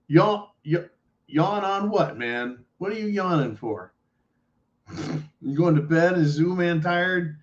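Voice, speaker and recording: A man hosts a live stream, answering his chat in a blunt, sarcastic, profane rant. His voice sits a little high for a man. It swings between low mutters and loud outbursts, and the audio comes through dull and lo-fi.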